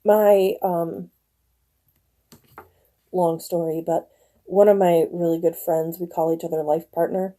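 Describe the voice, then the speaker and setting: A woman's voice: on the low side, flat delivery, slow pace, long pauses, warm tone. A woman in her forties from northern Michigan, chatting with live viewers at home in a rambling way, often laughing. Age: 40s. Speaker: live-stream host. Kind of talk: casual chat with viewers.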